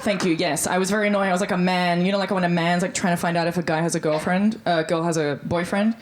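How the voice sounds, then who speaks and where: A young Australian woman performing stand-up comedy on a live stage, with a brash, animated delivery and plenty of swearing. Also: lowish voice, quick pace, noisy background.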